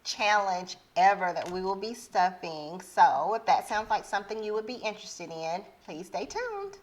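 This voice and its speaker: A woman vlogger chatting casually as she counts out cash, hesitant and full of fillers and self-corrections. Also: normal speed. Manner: counts money aloud in a low murmur. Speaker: budgeting vlogger. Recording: steady background noise.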